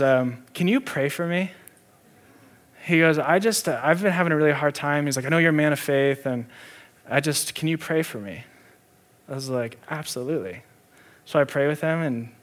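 A male pastor delivering a sermon, mixing teaching with a personal story told in an easy, conversational way, going loud at times and dropping soft at others. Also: a little high.

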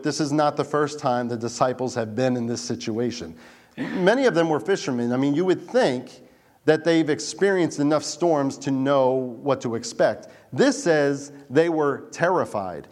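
A man's voice: a little high, a little mellow. A man, a pastor, preaching a sermon in an earnest, emphatic way and putting rhetorical questions to his listeners.

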